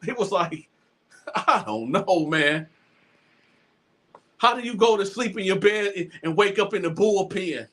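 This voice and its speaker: High, bright-voiced man telling stories. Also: a little slow, pauses often. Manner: animated, repetitive, stammering restarts. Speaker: show host. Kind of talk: casual storytelling monologue.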